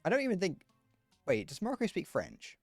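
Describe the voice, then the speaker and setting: A man talks his way through a live gaming stream, rambling and cracking jokes as he answers chat. His pitch swings up and down a lot, and the voice sounds dry and close, with game music playing faintly underneath. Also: wildly swooping pitch, fairly quick, darkish tone, slightly rough, no room sound.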